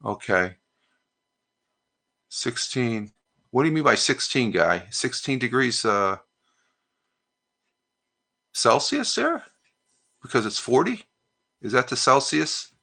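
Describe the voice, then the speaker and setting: Chatty American man with a bright voice. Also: medium pitch, very animated, slow pace, gravelly, pauses often. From United States. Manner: chatty, rambling, stops and restarts often. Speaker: live stream host. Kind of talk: casual live-stream chat reading comments.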